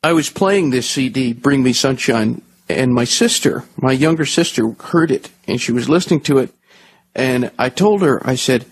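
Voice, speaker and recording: A man's voice: medium pitch, animated, moderate pace, husky, no room sound. A man hosting an interview, asking questions in a friendly, conversational way. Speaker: interview host. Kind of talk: casual interview.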